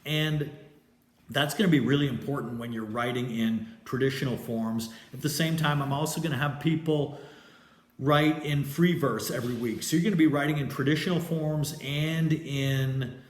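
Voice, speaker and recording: A man's voice: medium pitch, normal speed, reverberant. A man teaching a poetry class in a casual lecture style, hesitant and loose, with many fillers and restarts. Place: classroom with a chalkboard.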